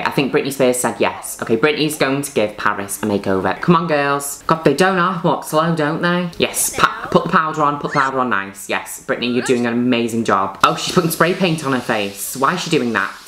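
A woman with a very low voice hosts chatty, camp let's-play commentary. She exclaims often, and her voice rings in a roomy, echoey room. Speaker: host.

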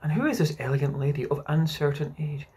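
A man reading a children's novel aloud as narrator, expressive and unhurried. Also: fairly high pitch, a little hiss or hum. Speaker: audiobook narrator. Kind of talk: scripted narration.

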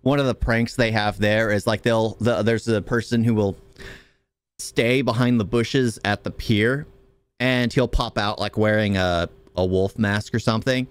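A man from the United States giving halting, casual reaction commentary. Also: on the low side, fairly even intonation, clean tone. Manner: halting, with many fillers and restarts. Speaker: video reactor.

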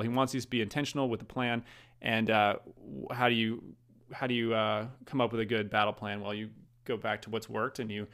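A man's voice: mid-range voice, fairly bright tone. A man hosting a podcast, talking casually in a rambling, eager way with many fillers. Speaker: podcast host. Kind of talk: casual commentary.

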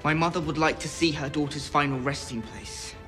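A man's voice: on the high side, brisk, fairly bright tone, faint music behind, close to an everyday voice. A young man with a posh RP accent playing an earnest young king in a drama clip, speaking with pleading indignation. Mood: indignant.

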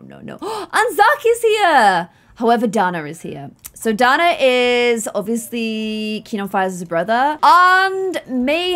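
A young woman commenting on her Sims game in a bubbly way, gasping and exclaiming often. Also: on the high side. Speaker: gaming YouTuber.

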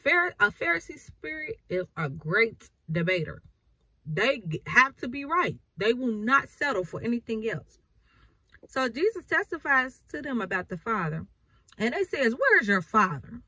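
A woman's voice: fairly high pitch, very animated, normal speed, pushed and bright, husky, dry recording, low-quality recording. A woman preacher, reading scripture and explaining it with emphatic repetition. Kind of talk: bible reading and sermon.

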